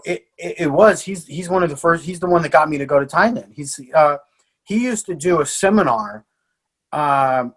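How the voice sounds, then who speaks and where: A middle-aged jiu-jitsu coach from the USA, guesting on a podcast, tells stories casually in a husky, slightly high voice. He's animated, swears freely, laughs often, and frequently restarts his sentences.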